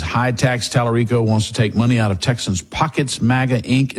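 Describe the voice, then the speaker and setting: A male political talk host delivering combative, sarcastic commentary. His voice is husky and low-set, and he talks at a slow, deliberate pace.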